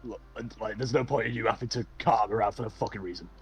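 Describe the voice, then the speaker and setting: A man's voice: fairly low pitch, gravelly, crowd noise. A man playing in a tabletop game, bantering and swearing casually as he chats with the table. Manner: joking, sweary, quick banter. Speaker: player.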